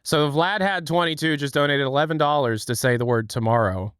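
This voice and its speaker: A man's voice: fairly high pitch, brisk, fairly bright tone, smooth, no echo, clean studio sound. A man hosting a casual live stream, rambling and chatting with lots of fillers. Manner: rambling, laughing, filler-heavy. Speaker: streamer host.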